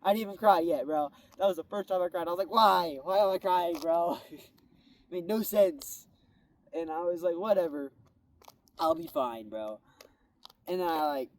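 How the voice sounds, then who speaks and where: Young dude rambling through a story, kinda high voice, sits back from the mic with a little hiss. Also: male voice, a little mellow. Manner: rambling, laid-back, says "bro" and "like" often. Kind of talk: casual storytelling. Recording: a bit distant from the mic, faint background noise.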